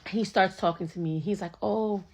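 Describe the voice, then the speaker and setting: A woman's voice: medium pitch, moderate pace, a little mellow. A young woman casually telling a first-date story, full of fillers and quoted back-and-forth. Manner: chatty, filler-heavy retelling with quoted dialogue.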